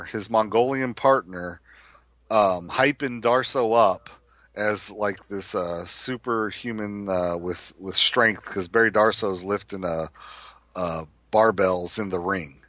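Blunt, low-voiced podcast co-host man. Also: fairly bright tone, no echo, highs cut off. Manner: blunt, opinionated, with many restarts. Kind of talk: casual podcast chat.

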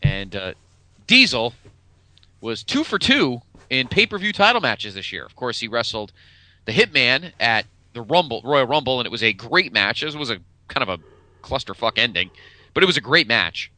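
Animated man chatting on a podcast. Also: mid-range voice, normal speed, dry recording. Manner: animated, meandering, many fillers. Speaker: podcast co-host. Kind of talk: casual chat reviewing old wrestling shows.

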